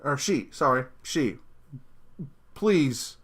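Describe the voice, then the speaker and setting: A man's voice: medium pitch, expressive, moderate pace, fairly bright tone. A man delivering a blunt opinion rant as a vlogger, speaking crudely and rambling through restarts, often tacking "okay?" onto his points.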